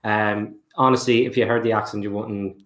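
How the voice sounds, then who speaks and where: A male guest on a football fan show, relaxed and laughing often. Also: on the low side, normal speed. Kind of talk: casual chat. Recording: echoey room.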